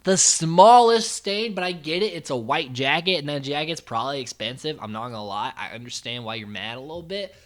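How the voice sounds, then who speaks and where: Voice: mid-range voice, quick pace, hardly any pauses, pushed and bright. A podcast host recapping a reality show in a rambling, chatty way, full of "like" and casual swearing.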